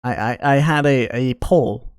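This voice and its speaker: A man co-hosting a podcast rambles through his opinions in a loose, joking way, stammering and restarting often. His voice sits at an ordinary pitch for a man. The recording is dry, with no room echo. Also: a little slow. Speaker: podcast co-host. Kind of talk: casual chat.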